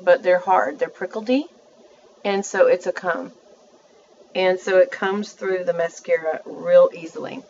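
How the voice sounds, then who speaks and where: A woman's voice: mid-range voice, muffled recording, a little hiss or hum. A woman, chatting through a makeup tutorial and talking to her viewers as she works. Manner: chatty, self-narrating, addresses viewers as y'all. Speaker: beauty vlogger.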